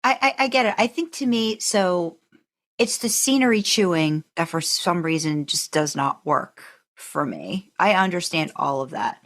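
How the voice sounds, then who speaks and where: A woman chats as a podcast co-host, her voice low but swinging widely in pitch. She talks hesitantly, stacking fillers and restarts as she builds her point. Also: animated, unhurried, a bit bright. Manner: hesitant, filler-heavy, laughing. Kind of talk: casual chat.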